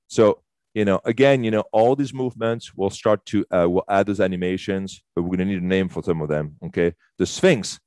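A man's voice: deep voice, a little fast, a little mellow, no echo, clean studio sound. A man leading a fitness workshop, chatty and enthusiastic, with loose fillers and casual swearing. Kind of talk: casual live workshop instruction. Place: fitness studio.

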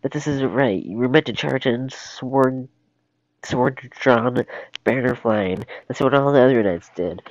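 A man's voice: mid-range voice, unhurried, no echo, voice pushed up, lightly acted. A prim, romantic princess with theatrical, old-fashioned diction, put on by a man who pushes his voice up. The recording is dull and lo-fi, dry and close. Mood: insistent. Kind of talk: solo script reading on stream. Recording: dull lo-fi stream audio.

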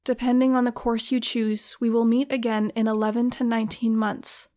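A woman reading as a calm, formal supernatural broker. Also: a little high, lightly acted. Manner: formal, measured.

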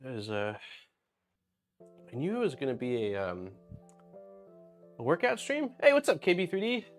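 A man's voice: medium pitch, huge pitch swings, normal speed, faint music behind. Chatty man hosting a live unboxing stream. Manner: chatty, thinks aloud, greets chat viewers. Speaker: streamer host.

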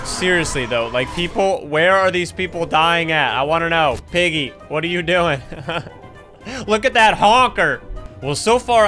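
A young man with a notably high voice narrates his gameplay with excited energy. He laughs often and keeps calling out to his teammates as he plays. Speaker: gaming YouTuber.

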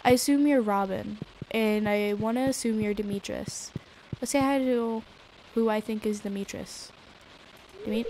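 A woman live-streaming a game, chatting away and giggling at whatever pops up on screen. Her voice sits fairly high and stays chatty and reactive. A faint hiss of noise runs behind her. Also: unhurried, long pauses, darkish tone, low-quality recording. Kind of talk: casual gameplay streaming.

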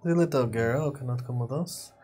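A man's voice: mid-range voice, normal speed, a little mellow, husky. A man playing a tabletop game, mixing casual talk with formal lines in character. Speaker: player.

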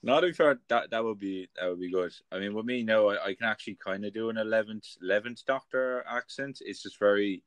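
A young man in his twenties chatting casually, laughing often and tossing in quick asides. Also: lowish voice, dry recording. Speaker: podcast co-host. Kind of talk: casual chat.

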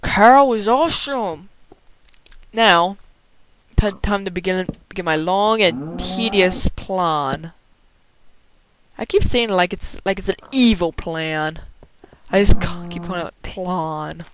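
A man's voice: high voice, takes it slowly, background noise. Goofy rambling let's-play guy. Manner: rambling, joking chatter to the game's animals; frequent restarts and stumbles. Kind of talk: casual gameplay commentary.

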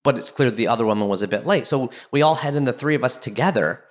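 A man from Canada hosting a podcast, telling a nervous story in an excitable, chatty way full of fillers. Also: medium pitch, fast. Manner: excitable, chatty, self-deprecating, many fillers. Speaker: podcast host. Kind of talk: casual storytelling intro.

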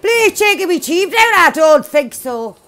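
A woman giving loud, excitable, swearing commentary over her gameplay, laughing often. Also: sits high, normal speed. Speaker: gaming streamer.

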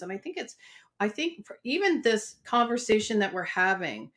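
A woman's voice: mid-range voice, sing-song, moderate pace, a bit bright. A woman hosting an interview, affirming her guest and sharing her own experiences. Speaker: interview host. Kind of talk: interview conversation.

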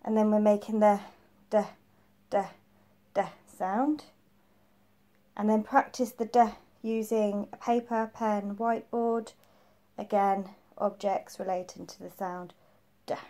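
A woman's voice: mid-range voice, steady tone, a little slow, mellow. A woman preschool teacher giving a phonics lesson to young children, patiently repeating each letter sound.

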